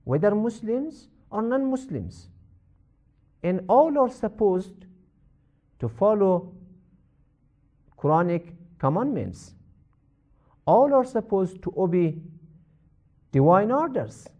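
Male religious teacher, unhurried and lively in pitch, restates every point. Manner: measured, repeats points for emphasis. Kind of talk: explaining a Quran verse in a lecture.

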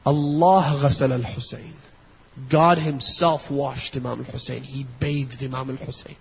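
A male preacher delivering a sermon, moving between hushed storytelling and impassioned near-shouting, with a husky voice. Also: mid-range voice, steady tone, moderate pace, a little hiss or hum. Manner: impassioned, builds to near shouts and weeping intensity. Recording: dull lo-fi audio in a long-reverb hall.

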